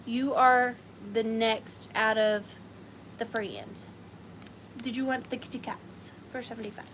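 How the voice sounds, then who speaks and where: A woman's voice: on the high side, steady tone, a little slow, background noise. A woman hosting a live online sale, chatting playfully with viewers and calling them by name. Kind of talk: chatty live-stream selling.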